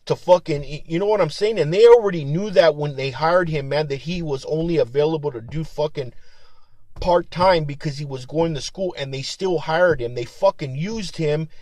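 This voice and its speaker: Man, somewhat high voice, heated and profane rants, dry close sound. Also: normal speed, a little mellow, dry recording. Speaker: security guard supervisor. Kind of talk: casual venting monologue.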